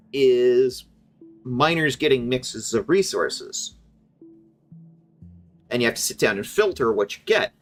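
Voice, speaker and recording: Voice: mid-range voice, fairly bright tone. A streamer giving casual, chatty commentary over a factory-building game, explaining its mechanics with amusement.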